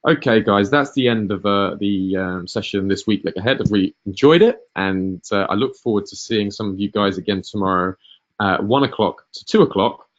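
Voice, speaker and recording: A man with a lowish voice leads a live trading webinar, fielding viewer questions. He talks in a halting way, filling pauses with ums and uhs and restarting phrases. His voice comes through a computer mic with dull, lo-fi sound. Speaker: market analyst hosting a webinar.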